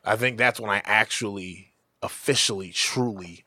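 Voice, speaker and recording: Podcast co-host, male, low-ish voice, rowdy storyteller who acts out every quote. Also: moderate pace, no echo, studio quality. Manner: animated, acts out quotes with big pitch jumps; loose and profane. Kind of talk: casual storytelling.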